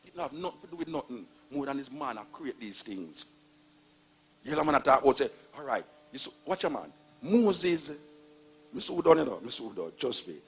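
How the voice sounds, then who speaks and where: A man's voice: mid-range voice, big pitch swings, a little fast, vocal fry, fairly bright tone, breathy edge. A man with a Jamaican accent, giving a humorous talk and animatedly retelling stories with voiced characters. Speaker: speaker on religion.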